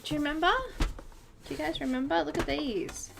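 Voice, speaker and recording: A woman's voice: high voice, fairly even intonation, fairly quick, creaky, background noise. A woman hosting a live coloring stream, chatting casually, giggling often and greeting viewers by name. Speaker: coloring livestream host.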